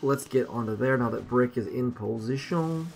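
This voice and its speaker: Gravelly man narrating his gameplay. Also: mid-range voice, normal speed, faint music behind. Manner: self-deprecating, excitable outbursts over a relaxed ramble. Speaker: gaming commentator. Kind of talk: gameplay commentary.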